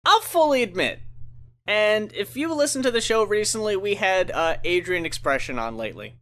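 A woman in casual review chat, animated, blunt and freely swearing. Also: mid-range voice, moderate pace.

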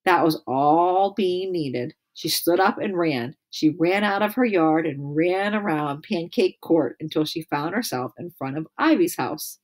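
A woman's voice: lowish voice, a little slow, hardly any pauses. A woman reading a children's book aloud, stopping to laugh and add comments. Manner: laughs and adds comments between passages. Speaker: reader.

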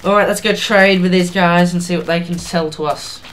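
A man's voice: high voice, fairly even intonation, a bit bright. A young man giving casual, rambling commentary while playing a video game. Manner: rambling, unhurried, thinking aloud. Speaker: let's play gamer.

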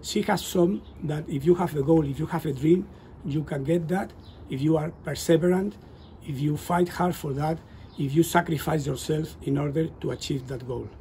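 A man delivers an earnest, measured tribute. His voice is very dark and mellow yet slightly high, with faint ambient noise behind him. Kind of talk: formal spoken tribute.

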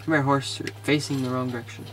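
A man casually commentating his video game, excitable and easily frustrated, muttering to himself. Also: mid-range voice, fast. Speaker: gamer.

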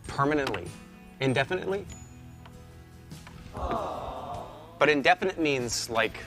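A man's voice: mid-range voice, a little slow, pauses often, sharp tone, soft background music. A man streaming a game, rambling through jokey mock apologies to his chat. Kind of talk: casual live-stream commentary.

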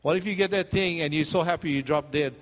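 A man's voice: on the high side, fast talker, long reverb tail. A man preaching a sermon as pastor, joking and calling out for responses from the congregation. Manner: joking, calls out for "amen" responses.

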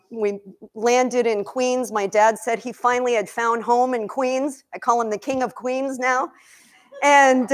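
A high-voiced woman speaks with bright energy to a live audience in a kitchen. She fires off questions, jokes and gets heartfelt about food. Her talk is quick and animated. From Egypt. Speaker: nutrition coach and cookbook author. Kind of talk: lively cooking demo talk to a live audience.

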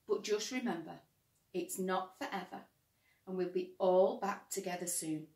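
A woman teacher reading a picture book aloud to children, gentle and expressive. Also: fairly low pitch, moderate pace. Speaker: primary school teacher. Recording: roomy, distant mic.

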